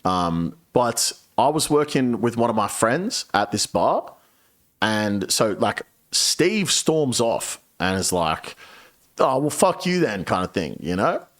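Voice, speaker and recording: A man's voice: on the low side, sing-song, slow, fairly bright tone. A male streamer telling a rambling, profane story to his viewers in a casual, chatty way.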